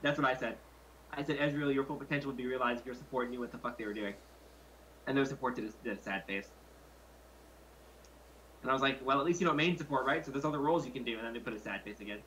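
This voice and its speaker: A man's voice: medium pitch, quick pace, pauses often, bright, forceful tone, slight background noise, poor audio. A young man chatting casually while gaming with friends, telling stories animatedly and mocking other players in quotes. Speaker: gamer streaming with friends.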